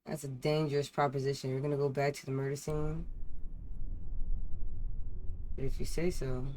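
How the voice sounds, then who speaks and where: A woman's voice: extremely low pitch, little pitch movement, quick pace, mellow, slight background noise. A woman streaming a game, giving playful, casual commentary and reading the on-screen text aloud. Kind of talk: casual let's-play commentary.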